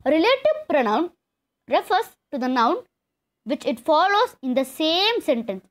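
A woman's voice: high voice, big pitch swings, measured pace. A woman teaching an English grammar lesson, explaining step by step and repeating key terms. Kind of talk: classroom lesson.

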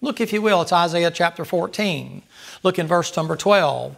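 A male pastor preaching a Bible study sermon, emphatic, full of rhetorical questions, swinging between loud outbursts and quieter asides. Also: fairly high pitch, expressive, moderate pace, vocal fry.

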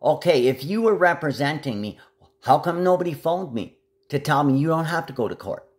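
A man's voice: on the high side, big pitch swings, brisk. A man delivering a rambling, agitated monologue to camera, jumping from one topic to the next.

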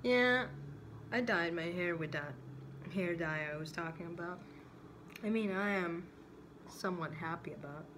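Low-voiced woman chatting casually. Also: unhurried, long pauses, noisy background. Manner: hesitant, laughs often. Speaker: vlog co-host. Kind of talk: casual chat.

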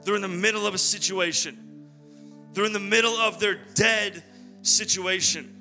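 Bright, high-voiced casual youth preacher man. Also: normal speed, faint music behind. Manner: casual, slangy, animated storytelling. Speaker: youth pastor. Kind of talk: youth sermon.

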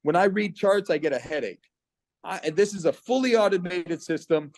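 A man's voice: sits high, expressive, moderate pace, no echo. A middle-aged man from Canada giving an earnest, persuasive personal testimonial on a video call. His voice catches with emotion as he speaks.

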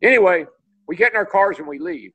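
A man's voice: sits high, lively intonation, quick pace, fairly bright tone, dull audio. Older man telling racing stories. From Tennessee. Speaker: interview guest, retired racing driver. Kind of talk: storytelling in a video call interview. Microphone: video call.

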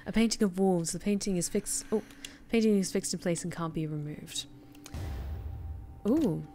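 A woman's voice: on the low side, moderate pace, mellow, soft background music. A woman streamer casually commenting while she plays a horror game, musing and theorizing aloud. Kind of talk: casual let's-play commentary.

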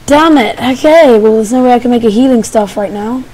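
A woman's voice: on the high side, brisk, mellow, rough recording. A woman talking casually to herself while playing a video game, muttering as she goes. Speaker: gaming channel host. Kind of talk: casual let's-play commentary.

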